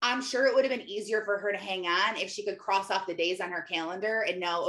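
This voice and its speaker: A woman's voice: medium pitch, fast, few pauses, fairly bright tone. A mother talking casually about faith and scripture, retelling a Bible story in an easygoing way, with frequent "like" fillers. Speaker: mother sharing faith reflections. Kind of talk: casual devotional talk on scripture.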